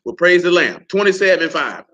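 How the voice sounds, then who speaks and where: Bright-voiced man teaching Bible study. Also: high-pitched, lively intonation, brisk, highs cut off, a little hiss or hum. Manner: conversational, quizzes listeners by name, playful teasing.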